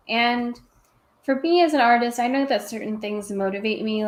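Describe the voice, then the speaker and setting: A woman's voice: mid-range voice, roomy sound. A woman teaching artist in casual conversation, talking freely and leaning on lots of "like" and "um" fillers. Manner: chatty, many "like" and "um" fillers. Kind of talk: casual chat while working.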